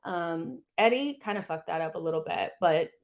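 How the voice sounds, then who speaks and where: A woman hosting a live football watchalong, chatting casually and shouting with excitement when her team does well. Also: fairly low pitch, moderate pace, gravelly, highs cut off. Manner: excitable, shouts at big moments, swears casually. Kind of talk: live match commentary with viewers.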